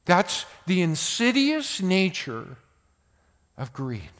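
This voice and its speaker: Older male preacher, high lively voice, slow deliberate delivery, loud bursts and hushed asides, long hall reverb. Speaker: pastor. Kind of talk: sermon.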